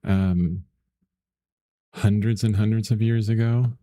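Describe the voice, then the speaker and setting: A middle-aged man talks viewers through a painting demo in an easygoing, rambling way, laughing often between his thoughts. His voice sits low and sounds mellow and warm. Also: steady tone, slow pace, no echo, studio quality. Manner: rambling and chatty, laughs often, lots of fillers. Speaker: painting instructor. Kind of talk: casual livestream painting lesson, chatting with viewers.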